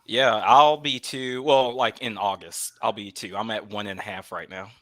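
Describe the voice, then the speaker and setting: A young man with a Southern Alabama accent, chatting in a jokey, lively way in a live Q&A with castmates. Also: fairly low pitch, moderate pace. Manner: lively, jokey, laughs easily. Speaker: cast member in a live Q&A. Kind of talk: casual chat.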